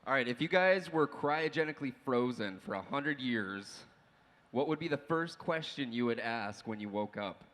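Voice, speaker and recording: A man moderating a panel, briskly reading out audience questions. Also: medium pitch, expressive, a bit bright. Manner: brisk, moves things along.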